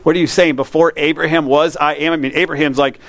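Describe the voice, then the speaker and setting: A man, a pastor preaching a conversational sermon that slows down to read scripture. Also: on the high side, level tone, a bit bright, no room sound.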